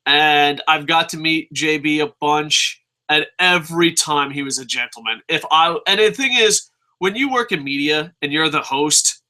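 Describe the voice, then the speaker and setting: A man hosting a wrestling review show, ranting casually with lots of swearing and occasional shouting. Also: on the high side, rough recording. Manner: excitable, profane, shouts at times.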